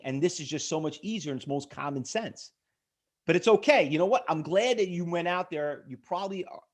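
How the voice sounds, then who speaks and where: A middle-aged man teaching day trading on a live webinar, selling hard with rhetorical questions and calling on viewers by name. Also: high-pitched. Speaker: trading instructor. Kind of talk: live webinar sales pitch.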